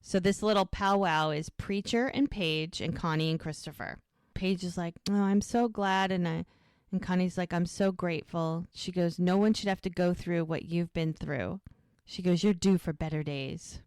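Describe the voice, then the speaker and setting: A woman's voice: on the low side, normal speed, smooth, no echo, studio quality. A woman co-hosting a podcast, recapping a TV episode in casual chat and acting out the characters' lines. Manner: retells scenes acting out the lines in lively voices. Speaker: podcast co-host.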